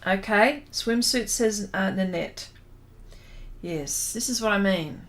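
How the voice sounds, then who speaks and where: An Australian woman hosting a drawing livestream, chatting casually, reading viewer comments aloud and laughing often. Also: mid-range voice. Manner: slow, unhurried and thinking aloud while drawing.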